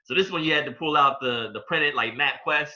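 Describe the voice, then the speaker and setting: A young man co-hosting a podcast, telling a story in casual chat with laid-back slang, going quiet at its serious parts. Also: fairly high pitch, a little fast, muffled recording. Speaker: podcast co-host.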